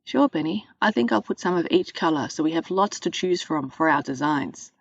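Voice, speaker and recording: A woman's voice: low voice, expressive, moderate pace, creaky, no echo, dull audio, full character voice. A woman reading a storybook voicing a cheerful, eager young girl.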